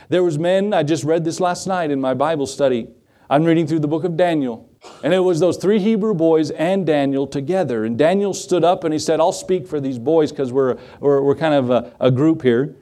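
Man, middle-aged, pastor preaching, slightly high voice, mellow tone, acts out quoted voices, rhetorical questions. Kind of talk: sermon.

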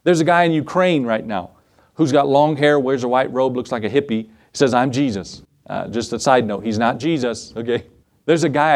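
A man's voice: mid-range voice, a little mellow. A man preaching a sermon as pastor, earnest and direct, rising to emphatic peaks and acting out the prayers of the faithful.

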